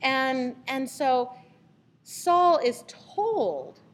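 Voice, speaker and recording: A woman's voice: sits high, drawn-out words. Chatty woman leading a Bible study. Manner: animated, acts out the people in the story. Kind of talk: casual Bible study discussion.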